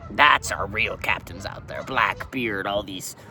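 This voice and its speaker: A podcast host stays in character as a pirate for a comedy show, rambling through rants and calling everyone "matey." His voice is fairly low, a little slow, with a bright, forceful tone, and he sounds a bit distant from the mic.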